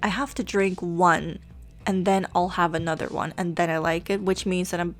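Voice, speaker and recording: Chatty, self-mocking woman with a lowish voice. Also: level tone, moderate pace. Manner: chatty and self-mocking, laughs often, swears casually. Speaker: Sims gaming YouTuber. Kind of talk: casual chat over gameplay.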